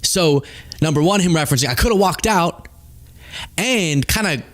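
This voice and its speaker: A man hosts a solo political commentary show. He sounds animated, incredulous and sarcastic. His voice sits a bit high, and the recording is dry and close, with no room echo. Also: moderate pace.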